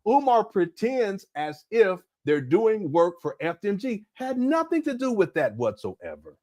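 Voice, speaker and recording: A middle-aged man talks straight to his livestream chat, his slightly high voice swinging widely in pitch. He is emphatic and conversational, breaking into laughter as he makes his points. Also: wildly swooping pitch, unhurried, darkish tone. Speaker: livestream commentary host. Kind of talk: casual livestream commentary.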